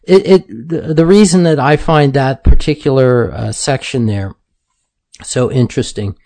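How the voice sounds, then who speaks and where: A man's voice: mid-range voice, unhurried, dark tone. A man hosting his own show, commenting on clips in a loose, conversational monologue with lots of fillers. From United States. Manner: conversational, keeps saying "folks", many fillers. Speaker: commentator host.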